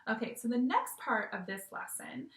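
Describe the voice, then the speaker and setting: Speaking on the high side at a moderate pace, a young woman teaches young children by video from her home. She stays cheerful and animated and acts out words as she says them, while the room adds an echo.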